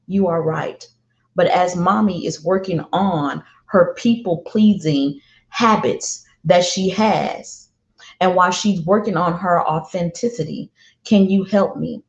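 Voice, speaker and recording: A middle-aged woman telling a personal parenting story, emphatic and deliberate, often repeating herself for weight. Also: lowish voice. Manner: emphatic, slow and deliberate with heartfelt repetition. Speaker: parenting speaker. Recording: roomy, dull lo-fi sound.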